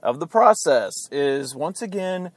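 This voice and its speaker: Chatty man hosting a slow-paced show. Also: fairly high pitch, lively intonation, dry recording, studio quality. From Ohio. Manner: chatty, laughs at himself, hypes listeners up. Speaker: podcast host. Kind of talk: casual rambling talk show.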